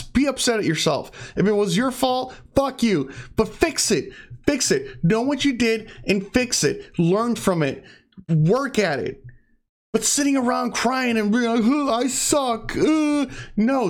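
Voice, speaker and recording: Blunt, profane man ranting. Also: sits high. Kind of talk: casual monologue.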